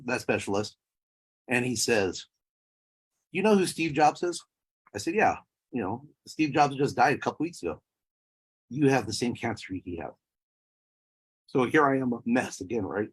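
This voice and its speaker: A man's voice: medium pitch, breathy edge. A man in his thirties or forties giving an emotional personal testimony, his voice breaking at times. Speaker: speaker sharing a personal story.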